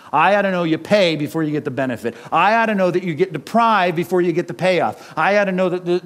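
A middle-aged man, a pastor with kids, preaching a conversational sermon full of rhetorical questions. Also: high voice.

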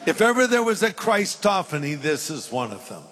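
A man's voice: a little high, big pitch swings, moderate pace, fairly bright tone. A middle-aged male pastor preaching a sermon, reading scripture aloud and acting out the voices in it. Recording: long hall reverb.

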